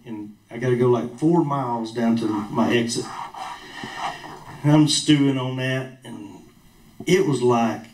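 Man, folksy preacher, roomy echo, distant mic. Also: medium pitch. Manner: folksy storytelling, plain-spoken. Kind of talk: sermon with personal story. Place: church hall.

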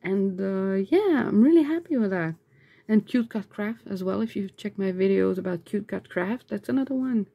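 A woman chatting casually as she unboxes sticker mail, excitable and chatty, breaking into high squeals over cute things. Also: moderate pace, vocal fry, muffled recording. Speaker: vlogger.

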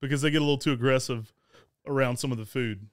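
A loud, talkative man with a drawl, chatting casually as a show co-host. His voice is smooth and clear, recorded close and dry with no room sound. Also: mid-range voice, quick pace, dry recording. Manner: talkative, energetic, laughs often. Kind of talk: casual travel chat.

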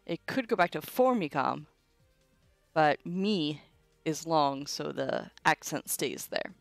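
A young woman runs a casual livestream Latin lesson, talking slowly and informally with side remarks to her viewers. Her voice sits a little low and is recorded dry and close, with faint music playing behind her. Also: dry recording. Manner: chatty and informal, with asides to chat. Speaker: Latin tutor streaming a live lesson.

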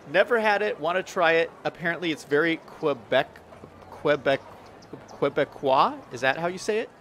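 Streaming a city-building game, a young man from the Western US chats casually and lively, reading out viewer comments amid lots of fillers and restarts. His voice is on the high side at normal speed, with slight background noise.

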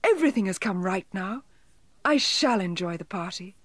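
A woman voicing an excited little girl in a storybook reading, breathless and bubbling. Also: mid-range voice, normal speed, dry recording, natural voice. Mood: overjoyed.

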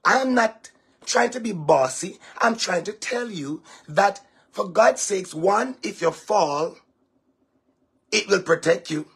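A male pastor preaches to his listeners in a lecturing, emphatic way and at times raises his voice to a shout. His voice sits high for a man and is deeply raspy and husky, with a gravelly fry running through it. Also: animated, slow pace. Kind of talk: preaching talk to a congregation.

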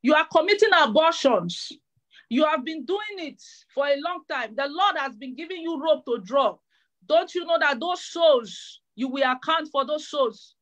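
Woman preaching hard, high voice, keeps repeating herself and stumbling on words. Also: animated, normal speed, a bit bright. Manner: fervent, repeats phrases, stammering restarts. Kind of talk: sermon.

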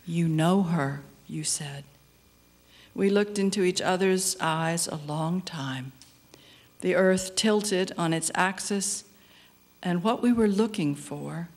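An older woman poet giving a poetry reading, slow and measured, dropping to a hush at times. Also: lowish voice. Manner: slow, measured reading with soft, hushed passages.

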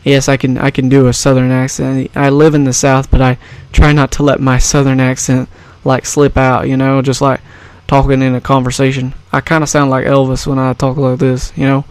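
A man's voice: medium pitch, monotone, normal speed, few pauses, smooth, dry recording. Rambling man narrating a baseball video game. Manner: rambling, jokey, self-correcting. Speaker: gaming YouTuber. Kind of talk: casual gameplay commentary.

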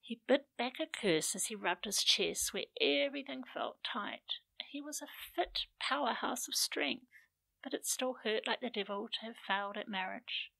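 A woman author reading aloud her romance novel in an unhurried, intimate storytelling manner. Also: fairly high pitch, animated, gravelly, bright, forceful tone, no echo, rough recording. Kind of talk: audiobook narration.

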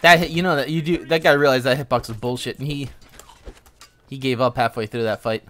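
A young man streaming a game, giving casual, joking commentary with excitable outbursts. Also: medium pitch, fairly quick.

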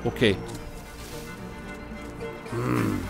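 A man hosting a let's play, giving excitable gameplay commentary, swearing and humming tunes over game music. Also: medium pitch, drawn-out words, vocal fry.

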